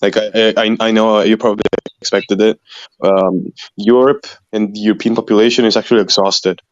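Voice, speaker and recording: A man's voice: on the low side, steady tone, normal speed, dull audio, slight background noise. A man on a call-in discussion panel, talking hesitantly with many restarts. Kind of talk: casual discussion.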